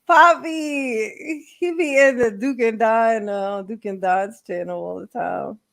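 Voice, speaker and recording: A woman's voice: mid-range voice, measured pace, creaky. A woman live streamer, chatting casually with viewers, rambling and laughing often.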